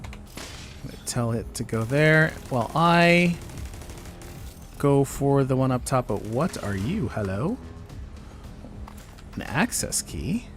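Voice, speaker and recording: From his home gaming setup on camera, a streamer offers loose commentary on his game, talking to himself with many fillers and half-finished ideas. He has a mid-range voice and is very animated yet takes it slowly, with long pauses and faint music behind him.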